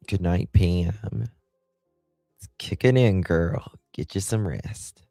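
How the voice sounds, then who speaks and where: A man chats unhurriedly on a livestream, his voice deep and gravelly with a dark, mellow tone. He rambles and answers his viewers' comments as he goes. Faint music plays in the background, and the sound is close and dry. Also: slow, dry recording. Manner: rambling, chatty, talks back to chat. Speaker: livestream host. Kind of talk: casual livestream chat reading comments.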